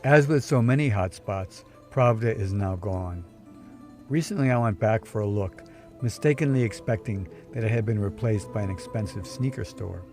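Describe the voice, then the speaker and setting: Guy with a low warm voice telling his own story, kinda dry and wry. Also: moderate pace, faint music behind. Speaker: storyteller, podcast host. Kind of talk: scripted first-person storytelling.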